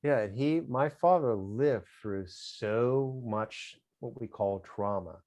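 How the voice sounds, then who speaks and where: Middle-aged guy on an interview, kinda halting and thoughtful, smiley way of talking, pretty average pitch. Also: darkish tone. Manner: smiles a lot, halting and reflective. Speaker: interview guest. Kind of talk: casual interview talk.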